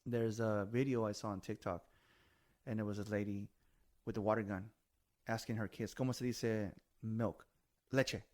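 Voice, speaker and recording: A man's voice: on the low side, steady tone, normal speed, long pauses, a little mellow. A man in his forties hosting a casual chat, telling stories animatedly and swearing freely, with bits of Spanish. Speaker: podcast host.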